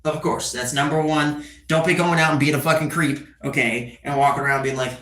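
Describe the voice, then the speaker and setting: A man's voice: fairly high pitch, fairly even intonation, a little fast, a bit bright, echoey room. A twenty-year-old man chatting casually on a live stream, rambling with crude joking asides and tagging "right?" onto his sentences. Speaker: livestreamer.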